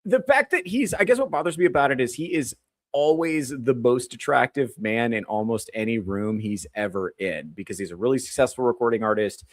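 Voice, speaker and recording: A man's voice: medium pitch, animated, fairly quick, no room sound. A man hosting a comedy podcast, ranting with crude, sarcastic mockery. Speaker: podcast host. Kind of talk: comedic commentary rant.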